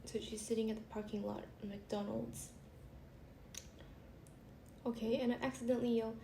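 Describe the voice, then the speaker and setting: A woman's voice: on the high side, little pitch movement, measured pace, long pauses, warm tone. A young woman vlogger casually reading funny stories aloud, chatty and giggly, often breaking off to laugh. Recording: echoey room with faint hiss.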